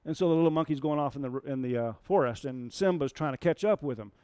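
A man's voice: a little high, fast talker, darkish tone, smooth, no echo. Storytelling male preacher, dry sound. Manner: storytelling, asks the audience questions. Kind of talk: sermon.

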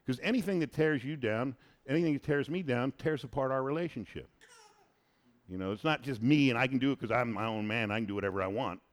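A married man hosting a casual faith-based chat, who talks in an animated, preachy way and repeats phrases for emphasis. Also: medium pitch, fast talker. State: married, has a son.

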